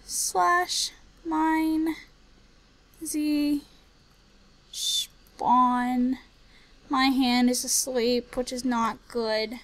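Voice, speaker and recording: A young woman giving casual gameplay commentary, chatty and jumpy, muttering to herself and bursting into panicked yells. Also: high-pitched, steady tone, very slow, pauses often. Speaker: gaming commentator.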